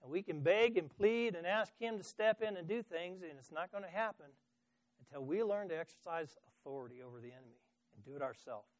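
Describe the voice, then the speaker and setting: A middle-aged male preacher delivering a sermon in a fairly high voice, building stories with emphatic stresses and the odd stumbling restart. The recording is close and dry, with almost no room echo. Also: animated, a little fast.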